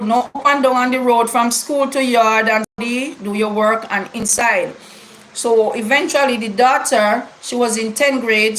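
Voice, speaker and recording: A woman's voice: a little high, a bit bright, slight background noise, rough recording. A middle-aged woman with a Jamaican accent, telling her viewers a long personal story in a casual, emphatic way, repeating words for stress. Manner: repetitive, emphatic storytelling with Jamaican English grammar. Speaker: YouTube vlogger.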